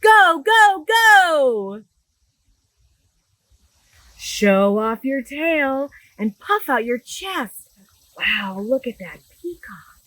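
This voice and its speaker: An enthusiastic woman reads a picture book aloud to young children and speaks to them directly in a sing-song storytime voice. Her voice sits high and jumps all over the place. She reads at an easy, unhurried pace, and the sound is close and dry. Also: expressive, a bit bright, no echo, poor audio. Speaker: children's librarian. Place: outdoors in a garden.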